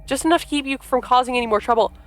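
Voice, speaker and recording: A woman voicing a calm, menacing male captor in a visual novel, keeping his voice soft, even and mockingly gentle. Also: sits high, rapid-fire, soft background music, voice pushed up, lightly acted. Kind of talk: reading a visual novel aloud.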